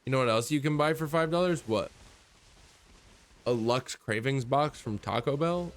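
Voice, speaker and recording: A man's voice: medium pitch, moderate pace, long pauses. A man chatting casually on a stream, rambling and laid-back and swearing freely.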